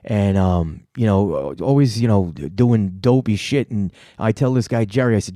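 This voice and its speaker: A man's voice: lowish voice, moderate pace, few pauses, warm tone, dry recording, studio quality. A middle-aged man, hosting a comedy show and telling a rambling, profane story full of fillers. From New York City. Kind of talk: casual storytelling.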